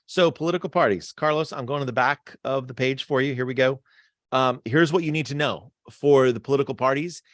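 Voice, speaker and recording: A man's voice: medium pitch, a little fast, dry recording. Chatty male teacher, dry close mic. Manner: chatty, animated, full of fillers and asides. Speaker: history teacher. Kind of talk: casual online quiz review.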